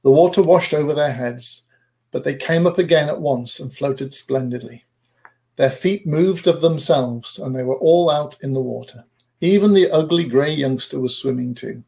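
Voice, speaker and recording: A man reading a storybook aloud in a measured, expressive narrating manner. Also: a little high, creaky.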